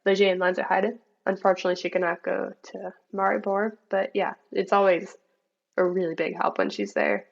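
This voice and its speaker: Gravelly young woman on a lo-fi call. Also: mid-range voice, brisk. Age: young adult. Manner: relaxed, many likes and ums. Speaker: mountain bike racer, guest. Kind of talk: casual interview chat.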